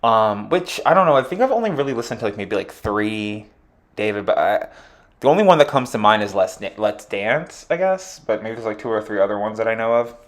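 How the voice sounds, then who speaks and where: A man's voice: fairly low pitch, animated, a little fast. A man giving a casual solo astrology chart reading, rambling with lots of fillers and offhand jokes. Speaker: astrology reader.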